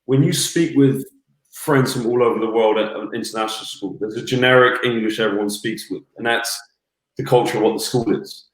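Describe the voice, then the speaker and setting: Rambling commentator in a roomy echo. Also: male voice, mid-range voice, brisk. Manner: earnest, rambling storyteller. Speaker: basketball commentator, guest. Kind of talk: casual interview chat.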